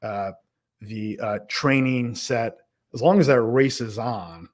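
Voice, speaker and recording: A man at a mid pitch hosts a laid-back interview. He makes confident points and keeps the talk moving with short remarks of agreement. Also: takes it slowly. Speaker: podcast host.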